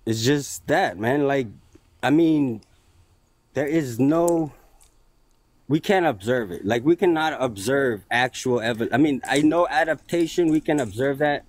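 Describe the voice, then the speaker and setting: A man's voice: medium pitch, lively intonation, a little slow, a little mellow, dry recording. A man in a heated debate, defensive and swearing often as he talks over the other speaker. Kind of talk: heated argument.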